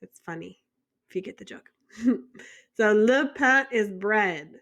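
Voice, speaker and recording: Woman, American, French teacher, bright tone, unhurried delivery, chatty explanations. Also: mid-range voice, lively intonation. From United States. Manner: chatty, explains with jokes and questions to the viewer. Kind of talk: vocabulary lesson.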